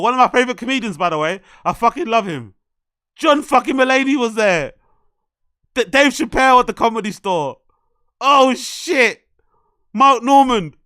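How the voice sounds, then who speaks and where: Man, streamer host, excitable, heavy swearing, crisp resonant tone, bright. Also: very high-pitched, no echo, studio quality. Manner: excitable, swears heavily, laughs at own remarks. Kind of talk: live reaction stream.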